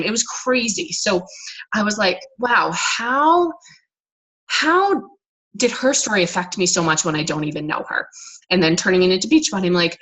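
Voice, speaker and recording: A woman talks to her team over a conference call in a loose, casual way. She restarts her sentences often and fills pauses with ums. Her voice is bright and somewhat low-pitched. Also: rough recording. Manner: rambling, many restarts and fillers. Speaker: team coach on a group call. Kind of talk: casual motivational talk. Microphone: conference call line.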